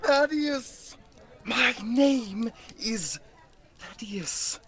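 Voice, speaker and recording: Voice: mid-range voice, very animated, husky. A teenage student actor voicing a pompous, easily flustered talking magic book in a school radio play. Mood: haughty. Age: teens. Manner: haughty, formal, slow, turns to panic.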